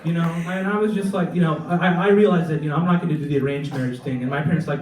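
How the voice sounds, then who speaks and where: A young man performing a stand-up comedy set, animated and jumping into voices to mimic his family. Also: on the high side, rapid-fire, hardly any pauses, echoey room, distant mic, noisy background. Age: young adult. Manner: animated, mimics family members with big voice jumps. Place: live comedy venue with audience.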